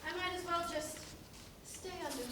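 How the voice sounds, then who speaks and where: Woman doing a sly wheedling con guy who fakes drownings, high voice, echoey hall, way off mic. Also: normal speed, pushed and bright. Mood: indignant. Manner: wheedling, theatrical, haggling. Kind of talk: amateur stage acting. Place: theater stage. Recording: echoey hall, from far off, noisy.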